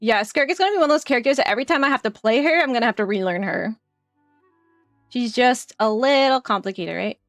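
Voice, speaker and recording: A woman's voice: fairly high pitch, lively intonation, fast, no echo, clean studio sound, soft background music. A woman casually commenting while playing a game on stream, chatty and laughing often, trailing off as she thinks.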